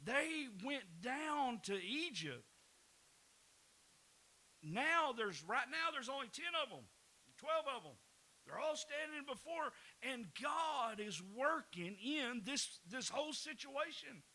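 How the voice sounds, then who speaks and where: A pastor preaching a folksy sermon, often repeating words and breaking into laughs. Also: male voice, very high voice, very animated, slow, sharp tone, rough recording.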